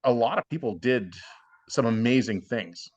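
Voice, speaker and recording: A man's voice: medium pitch, expressive, moderate pace, darkish tone, dull audio. A man giving blunt, plainspoken advice as a guest in a casual podcast interview. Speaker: podcast guest, former cooking show contestant.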